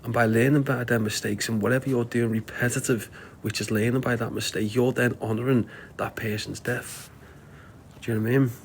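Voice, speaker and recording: Middle-aged Scouse man, livestream host, gravelly and mid-pitched, blunt and preachy, faint hiss behind. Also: fairly even intonation, brisk. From Liverpool, England. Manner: blunt, sweary, preachy life advice. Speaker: live stream host answering viewer comments. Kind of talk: casual livestream talk.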